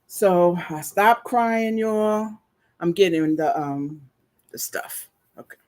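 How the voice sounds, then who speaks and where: An older woman, telling a story to her viewers in a slow, chatty, emotional way, teary and sniffling. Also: on the low side, a little mellow. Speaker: vlogger.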